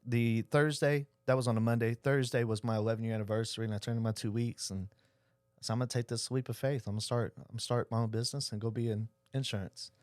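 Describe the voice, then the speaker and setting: A middle-aged man, a podcast guest who tells stories in a lively way and acts out the dialogue. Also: mid-range voice, fast, no room sound, studio quality. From Oklahoma. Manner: animated storyteller acting out quoted dialogue. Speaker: insurance agency owner, guest. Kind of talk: casual storytelling interview.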